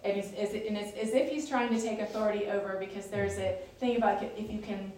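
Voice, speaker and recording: A woman's voice: medium pitch, fairly even intonation, fast, darkish tone, slight background noise. A woman leading a Bible study, explaining scripture in a chatty, conversational way with frequent fillers and restarts. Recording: echoey room, distant mic.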